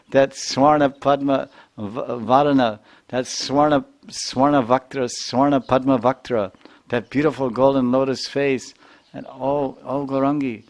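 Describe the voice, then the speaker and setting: A man's voice: medium pitch, vocal fry, voice pushed up. A man voicing a young boy god who sobs and cries out in broken, longing calls. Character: young boy god sobbing for his beloved.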